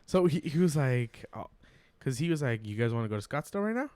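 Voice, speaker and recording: बीस-पच्चीस साल का एक आदमी, पॉडकास्ट मेहमान, हँसते हुए अनौपचारिक अंदाज़ में किस्सा सुनाता।. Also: male voice, medium pitch, fast talker, no room sound. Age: 20s. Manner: laughs often, lively retelling. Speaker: podcast guest. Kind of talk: casual chat.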